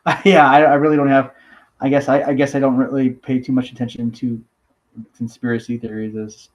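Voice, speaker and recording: A man's voice: medium pitch, flat delivery, fairly quick, poor audio. A man guesting on a video call, hesitant and self-deprecating, often restarting his sentences. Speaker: guest, comic writer. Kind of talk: casual video call chat.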